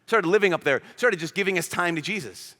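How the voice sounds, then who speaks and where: A man's voice: sits high, brisk, sharp tone. A man preaching a homily at a youth conference, telling stories animatedly and acting out the characters he quotes. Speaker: priest. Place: large conference hall. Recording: reverberant large hall.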